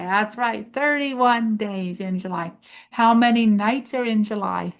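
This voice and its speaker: A woman's voice: mid-range voice, measured pace. A woman hosting a preschool lesson, leading chants and reading aloud to children in an encouraging call-and-response way. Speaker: preschool teacher host.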